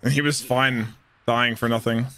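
A young man hosting an anime reaction, talking emotionally and often shouting in excitement. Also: mid-range voice, moderate pace, faint music behind.

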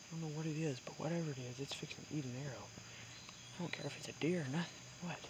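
Crickets and insects chirp in the background as a hunting vlogger talks very fast in a mid-range voice, chatting to viewers and whispering while he stalks through the woods.

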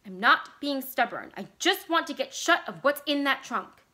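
A tired, stubborn husband whose lines come out dull and flat, read by a woman narrator. Her bright voice stays close to her own plain reading. It is a storybook reading. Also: high voice, normal speed, pitched above the performer's own voice, full character voice. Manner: dull and flat, without force. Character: stubborn, weary husband and war veteran.

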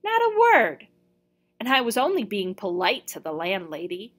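A cheeky young male thief, sulky and quick to cry out in outrage, as a woman reader puts him on. The voice sits at a middling pitch for a woman and keeps the protesting edge of a boy who feels wronged. It belongs to a spoken storybook. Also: expressive, fairly bright tone. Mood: indignant.

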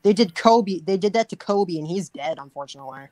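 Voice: medium pitch, animated, fairly quick, darkish tone, no echo. A speaker in a casual voice chat who rambles and hesitates, filling gaps with "uh" and "like". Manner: rambling, hesitant with many fillers.

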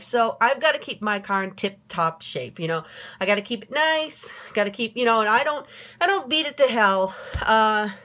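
A middle-aged woman from Minnesota vents to a handheld camera in a casual vlog. Her voice sits a little high, and she talks in a rambling way, full of fillers, restarts and swearing. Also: fairly bright tone. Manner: rambling, swearing, frequent fillers and self-corrections. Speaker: vlogger. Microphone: handheld phone camera, no tripod.

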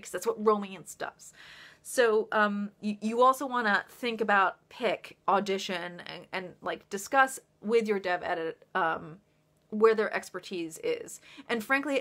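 Bright, chatty woman author. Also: medium pitch. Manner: chatty and rambling, laughs often, many fillers. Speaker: author hosting a livestream. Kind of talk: casual livestream chat.

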